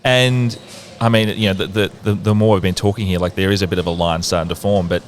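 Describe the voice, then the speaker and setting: A man's voice: low voice, steady tone, quick pace, a little hiss or hum. A man hosting a podcast interview in a bakery, casual and encouraging with short affirmations. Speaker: podcast host. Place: inside a bakery.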